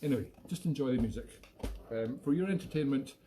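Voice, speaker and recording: A man's voice: mid-range voice, quick pace, dark tone, slight background noise. A man hosting a casual home music live stream, chatting in a jokey, self-deprecating way. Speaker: musician host.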